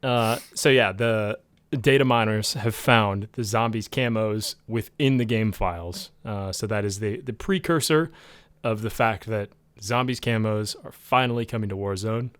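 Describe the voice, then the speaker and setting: A man co-hosting a casual gaming podcast, talking in a rambling way with lots of fillers and getting excited about the game. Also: fairly low pitch, moderate pace, clean tone, no room sound. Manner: rambling, with many fillers and restarts. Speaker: podcast co-host.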